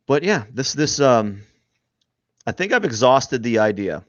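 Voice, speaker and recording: A man streaming live as he draws, rambling and thinking aloud, restarting his sentences and often trailing off quietly. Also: medium pitch, sing-song, a little slow, dry recording, dull audio. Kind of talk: casual live-stream narration while drawing.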